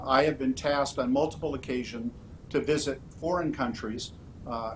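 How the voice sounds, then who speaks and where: A man speaking as a political candidate in an interview, his voice sitting at an ordinary middle pitch. He lays out his answers in a measured, orderly way. Light background noise and a faint rumble run under his speech. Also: poor audio. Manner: measured, orderly, with frequent "uh" fillers.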